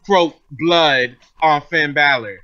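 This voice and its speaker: A man's voice: fairly high pitch, slow, pushed and bright. A man in a casual chat on a video call, laid-back and wry. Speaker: podcast co-host. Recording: muffled call audio.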